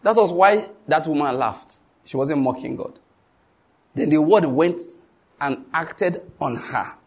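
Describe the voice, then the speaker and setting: A middle-aged man with a Nigerian English accent preaches a sermon emphatically, posing questions so the congregation completes his lines. His voice is a little high and slightly mellow, with a breathy edge and a slow pace.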